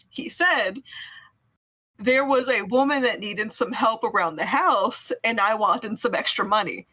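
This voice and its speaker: A woman's voice: fairly high pitch, a little slow, sharp tone, rough recording. A woman casually telling a spooky story to friends, laughing often and swearing freely.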